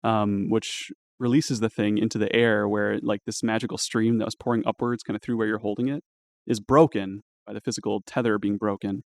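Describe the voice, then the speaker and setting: A man's voice: fairly low pitch, fairly even intonation, brisk, creaky, no room sound. Casual man running a tabletop game. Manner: casual, filler-heavy narration with laughs. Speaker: dungeon master. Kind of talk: narrating a tabletop game live.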